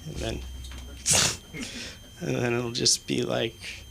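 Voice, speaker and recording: A man performing stand-up in a small comedy club, his delivery halting and rambling, with a swear word every few phrases. Faint room noise sits under his voice. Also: medium pitch, fairly even intonation, creaky, pushed and bright. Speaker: stand-up comic. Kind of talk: stand-up set.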